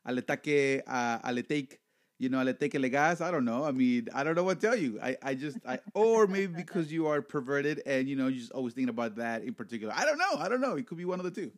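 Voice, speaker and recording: A man hosting a casual podcast chat. He is jokey and animated, and he often repeats his words. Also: medium pitch, fast. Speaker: podcast host.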